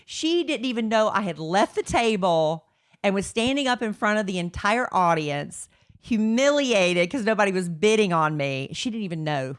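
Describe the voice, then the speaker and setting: A middle-aged woman, co-hosting a podcast and telling a story in a lively, animated way. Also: medium pitch, normal speed, no room sound, studio quality. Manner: animated storyteller, acts out quoted voices. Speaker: podcast co-host. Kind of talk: casual chat, telling a story.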